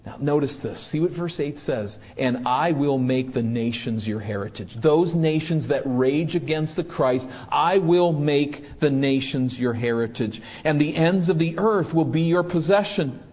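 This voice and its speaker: A man's voice: fairly high pitch, moderate pace, hardly any pauses, dull audio. Man preaching in a reverberant church. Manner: rhetorical questions to the congregation. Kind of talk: sermon.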